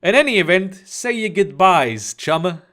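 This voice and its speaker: A man's voice: high voice, sing-song, moderate pace, sharp tone, exaggerated voice. A man voicing a powerful male mage villain who speaks in a casual, mocking way in an audiobook story. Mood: smug.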